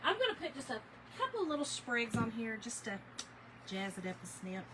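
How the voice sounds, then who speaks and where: A woman hosting a crafting livestream, chatting with viewers in an animated, storytelling way while she works. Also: a little high, a little fast, background noise. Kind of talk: casual chat while crafting, reading viewer comments.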